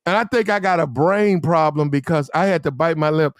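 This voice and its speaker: A man's voice: a little high, brisk, dry recording, clean studio sound. A man telling a profane, rambling story in a casual podcast chat.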